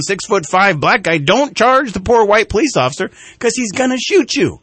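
Animated middle-aged man telling a story. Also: high voice, moderate pace, few pauses, slightly rough, no echo. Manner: animated storyteller, acts out quoted voices. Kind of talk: casual conversational storytelling.

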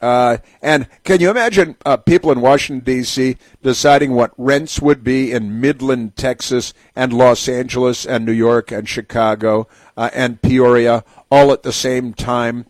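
A man's voice: mid-range voice, steady tone, normal speed, few pauses, no room sound. A man hosting a talk radio show, delivering an opinionated monologue in a sarcastic, rambling way full of fillers and restarts.

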